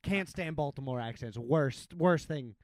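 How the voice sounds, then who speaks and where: A man hosting a podcast in casual chat, animated and swearing freely. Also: on the high side, a little slow, no echo. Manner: animated, profane, excitable. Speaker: podcast host.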